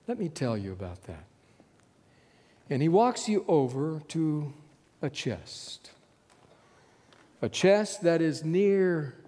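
Man preaching slowly in a reverberant hall. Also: on the high side. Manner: storytelling, voicing quiet hushed lines for Jesus and the listener. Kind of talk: sermon with imagined dialogue.

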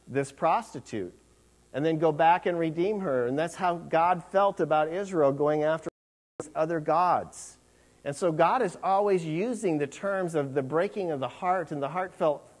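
A man preaching a sermon in a conversational, rambling way, with many fillers and restarts. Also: fairly high pitch.

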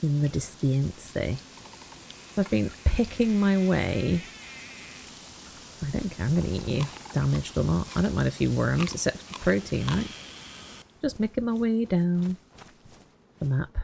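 A woman's voice: lowish voice, lively intonation, measured pace, vocal fry, long pauses, dark tone, slight background noise. A young woman commenting wryly to herself as she plays a survival game for her channel. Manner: chatty, wry self-talk while playing. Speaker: gaming channel host. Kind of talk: casual gameplay commentary.

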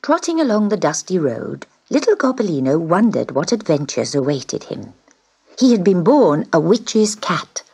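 A woman with a low, husky voice reads a children's storybook aloud at a normal speed. Her delivery is expressive, and she drops into a whisper on key words.

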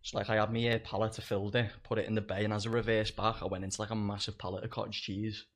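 A man's voice: lowish voice, flat delivery, quick pace. A young man, telling stories in casual chat, swearing a lot and laughing through them. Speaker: guest comedian.

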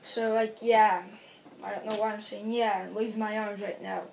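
A woman's voice: mid-range voice, level tone, moderate pace, gravelly, noisy background. A woman chatting in a rambling, self-correcting way while commenting on a racing game she is playing. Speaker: gaming video creator. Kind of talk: casual gameplay commentary. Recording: roomy sound with game music. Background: racing game music.

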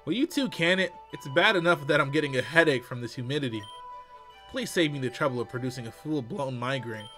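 A man's voice: mid-range voice, expressive, a little fast, pushed and bright, soft background music. A man reading the lines of an irritable, haughty woman gym leader in a weary, snippy way. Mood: irritated.

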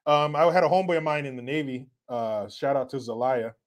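A man's voice: medium pitch, brisk. A man from Central California, hosting a livestream, chatting in a crude, joking way and reading out viewer comments. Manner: crude, joking, laughs often. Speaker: livestream host.

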